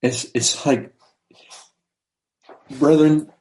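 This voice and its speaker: A man's voice: fairly high pitch, fairly even intonation, drawn-out words, darkish tone. A man preaching a sermon in a conversational way, asking rhetorical questions and acting out quoted lines.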